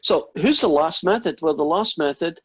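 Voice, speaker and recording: Husky-voiced male math lecturer. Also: fairly high pitch, expressive, normal speed, no echo. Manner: storytelling, chatty and informal. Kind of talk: online lecture with a joke. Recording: dull lo-fi audio, dry.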